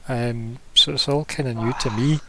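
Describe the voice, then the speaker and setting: A man's voice: mid-range voice, fairly even intonation, normal speed, heavy background noise, natural voice. A man voicing a nervous young male villager who stammers and hesitates.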